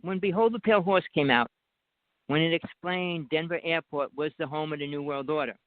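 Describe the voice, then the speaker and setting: A man with a New Jersey accent rambles on insistently as a talk-show guest. His voice sits a little high. The sound is dry and thin, like a phone line. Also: a little fast, no room sound. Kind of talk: casual call-in talk.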